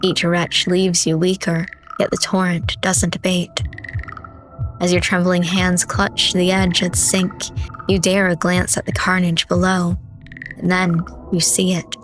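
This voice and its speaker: A woman streamer reading a horror visual novel aloud in steady, measured, dramatic narration. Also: lowish voice, faint music behind. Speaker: game streamer.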